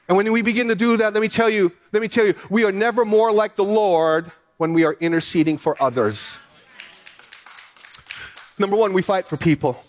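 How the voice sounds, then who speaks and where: A pastor preaching to his church, reading scripture aloud slowly and then building to an emphatic appeal. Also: high voice. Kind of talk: sermon.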